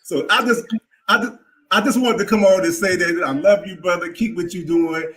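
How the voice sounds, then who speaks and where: A man in his fifties calls into a live stream over the phone, speaking with earnest feeling. His voice is bright and a little high for a man, and he stumbles and repeats words as he talks. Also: normal speed, slight background noise, poor audio. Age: 50s. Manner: earnest, repeats himself, stammers. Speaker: caller. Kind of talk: emotional live-stream call.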